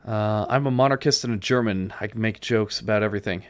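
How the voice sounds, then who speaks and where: Low-ish guy from new york streaming a strategy game, chatty, reads chat and talks back, dry close mic. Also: fairly quick, dry recording. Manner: chatty, answers chat between moves. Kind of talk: casual live-stream gameplay commentary.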